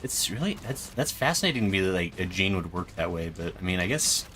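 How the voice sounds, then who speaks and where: A very deep yet bright, crisp-edged male voice chats casually during a game stream, teasing his friends with dry jokes. Soft game music hums in the background. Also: lively intonation, fast. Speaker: streamer playing online. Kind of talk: casual gaming chat.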